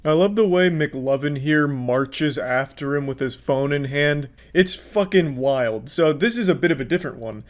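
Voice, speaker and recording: A man's voice: fairly high pitch, moderate pace, few pauses. A man with a slightly raised voice delivers sarcastic reaction commentary. He swears freely and mocks everything he watches in a dry, biting tone. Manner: sarcastic, mocking, profane.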